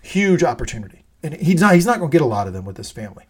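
Rapid-fire and sing-song, a man with a high-side, slightly rough voice co-hosts a podcast. He's casually recapping a TV episode with lots of energy, swearing often and acting out the lines he cites.

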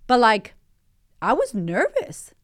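A woman's voice: on the high side, wildly swooping pitch, slow pace. A woman hosting a motivational podcast, talking with candid energy and swearing freely. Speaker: podcast host and life coach.

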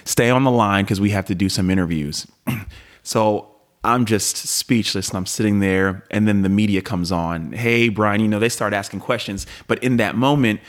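A man's voice: lowish voice, moderate pace. A man in his forties from Pennsylvania, a guest telling stories in a casual interview and acting out the dialogue he quotes. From Pennsylvania, USA. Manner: animated storyteller who acts out quoted dialogue. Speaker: guest, former pro football player.

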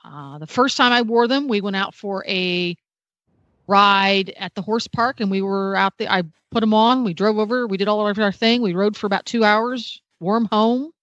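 A woman's voice: mid-range voice, moderate pace, a bit bright, no echo. A woman who regularly reviews gear on a radio talk show, chatty and full of small details, with a self-deprecating joke now and then. Her voice is mid-range and sounds dry and close. The audio is dull and lo-fi.

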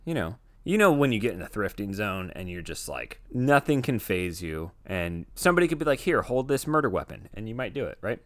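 A laid-back man co-hosting a casual podcast, spinning a long comic anecdote. His pitch swings widely as he talks, and the sound is dry and close. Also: sing-song, fairly quick, hardly any pauses, dry recording. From United States. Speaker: podcast co-host.

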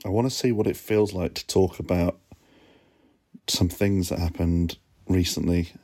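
Podcast host, male, deep, slow and husky, drowsy chat from bed, phone-recorded. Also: steady tone, mellow. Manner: sleepy, yawning, self-mocking. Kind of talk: relaxed reflective solo chat. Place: lying on his bed at home. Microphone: phone voice notes app.

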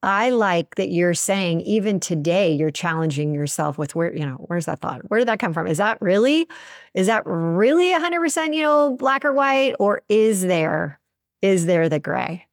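A woman's voice: medium pitch, lively intonation, moderate pace, dry recording, clean studio sound. A woman hosting a casual interview, affirming her guest and asking reflective questions. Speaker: podcast host.

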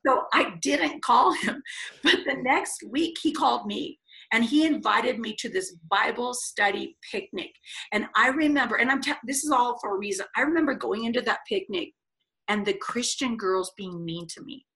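A middle-aged woman telling her life story as a podcast guest, animated and acting out the voices of people she quotes. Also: on the high side, moderate pace, vocal fry. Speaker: guest speaker.

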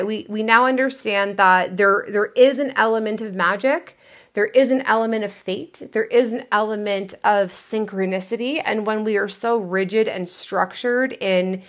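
A woman giving a motivational talk about romance as a relationship coach, speaking emphatically and candidly, with the odd swear word. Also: medium pitch.

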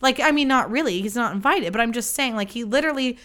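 A woman's voice: on the high side, fast, fairly bright tone. A woman hosting a podcast, telling a story in a rambling, profane, self-deprecating casual chat. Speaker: podcast host.

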